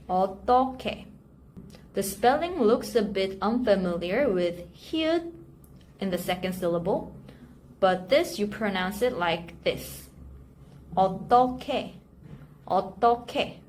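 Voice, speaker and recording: A woman teaching a language lesson, repeating example sentences slowly and carefully before translating them. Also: mid-range voice. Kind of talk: slow, clear language lesson. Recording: faint background noise.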